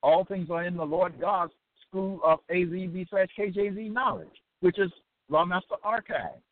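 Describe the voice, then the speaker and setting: Preacher, man, somewhat high voice, dry phone-like audio, keeps asking rhetorical questions. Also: fairly even intonation, normal speed, dry recording. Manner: repetitive rhetorical questions, frequent "okay?". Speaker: religious teacher. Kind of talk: preaching lecture. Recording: tinny dry phone-line sound.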